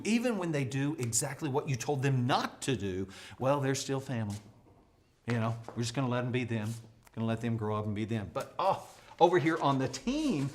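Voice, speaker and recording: Energetic male leadership teacher. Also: mid-range voice. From United States. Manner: energetic, emphatic, acts out quoted voices. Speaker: leadership trainer. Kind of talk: whiteboard leadership lesson.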